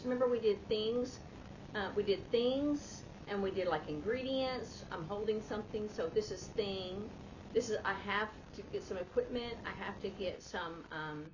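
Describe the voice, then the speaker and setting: A woman teaching sign language in a casual, chatty way, with fillers and restarts. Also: medium pitch. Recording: slightly dull lo-fi recording, faint room noise.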